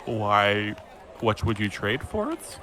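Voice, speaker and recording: A man's voice: on the low side, sing-song, takes it slowly, a crowd in the background, background noise. A man doing a nervous friendly half-orc carpenter. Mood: apologetic. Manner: apologetic, easygoing, a bit awkward.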